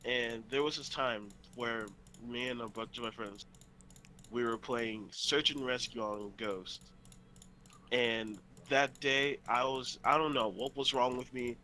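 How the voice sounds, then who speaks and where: A young man with a bright, forceful voice rambles through a gaming story on a casual podcast. He swears freely, restarts his sentences and piles on fillers. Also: mid-range voice, steady tone, unhurried, slight background noise, rough recording. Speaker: podcast co-host. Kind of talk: casual chat.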